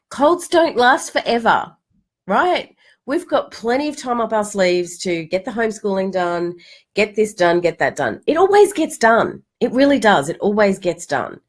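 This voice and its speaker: An Australian woman hosting a live stream, hoarse from a cold, talking in a chatty, candid way with quick restarts and the odd swear word. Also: medium pitch. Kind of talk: casual motivational live chat.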